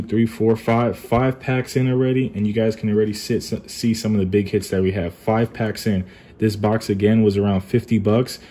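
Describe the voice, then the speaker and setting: A young man talking casually while unboxing trading cards at home, keeping his voice low and calling himself monotone. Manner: kept low and subdued, calls himself monotone. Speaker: card collecting YouTuber. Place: apartment at home.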